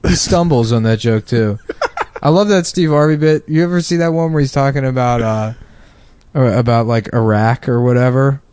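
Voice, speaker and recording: A man in casual chat, telling stories in a profane and animated way. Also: mid-range voice, moderate pace, smooth, no echo.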